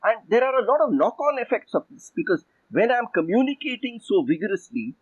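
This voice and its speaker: An older Indian man who coaches executives, talking with a lively, fairly high voice that rises and falls a great deal. He makes his points emphatically, one by one. The sound is dull and muffled, and the room is very dry. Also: brisk, breathy edge, dry recording. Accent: Indian English. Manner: emphatic, lists points, acts out quotes. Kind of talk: interview answers.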